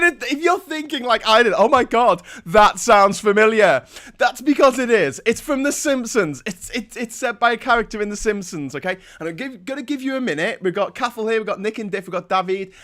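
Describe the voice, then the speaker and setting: A man's voice: sits high, expressive, fairly quick, pushed and bright. A man hosting a morning show, chatting in a mocking, casual way and often breaking into laughter. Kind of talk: casual satirical commentary.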